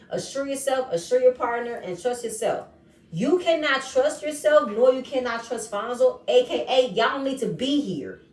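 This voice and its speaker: A woman recapping a reality show episode in casual, animated commentary, acting out the quoted lines in changing voices. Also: fairly high pitch, far from the mic. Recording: echoey room, voice set back from mic.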